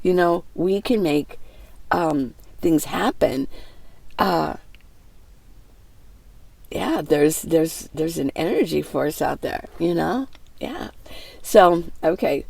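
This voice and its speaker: A woman's voice: low voice, expressive, slow pace, vocal fry, pauses often, husky, no room sound. A woman in her sixties rambling through a casual reflective monologue as a van life vlogger, with many fillers and restarts. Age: 60s. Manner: rambling, warm-hearted, many fillers and restarts, laughs often. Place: inside a minivan.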